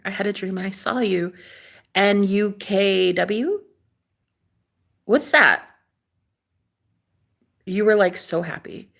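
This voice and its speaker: A woman chatting casually on a live stream, dramatic and gushing, swinging from loud exclamations to hushed asides. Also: medium pitch, creaky.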